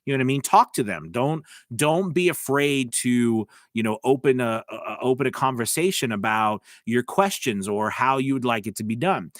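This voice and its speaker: A man's voice: mid-range voice, expressive, normal speed, few pauses, no room sound, clean studio sound. A man with a slight Southern US drawl, hosting a casual livestream as a voice-over coach, talking in a rambling, chatty way full of fillers and asides. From United States.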